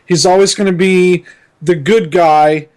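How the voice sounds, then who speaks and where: A man's voice: high-pitched, fairly even intonation, measured pace, a little mellow, clean tone. A man co-hosting a podcast, chatting in a laid-back way, often laughing and repeating words. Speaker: podcast co-host. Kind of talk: casual chat.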